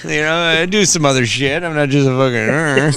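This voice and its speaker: A man co-hosting a podcast, joking around in profane, lively casual chat. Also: a little high, brisk, clear, resonant tone, no room sound.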